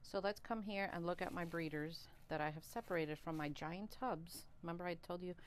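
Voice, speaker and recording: A woman vlogging about her worms, chatty and excitable, laughing often, a little out of breath. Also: lowish voice, fairly quick, slight background noise. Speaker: worm farmer and channel host. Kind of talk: casual chat to camera while handling worms.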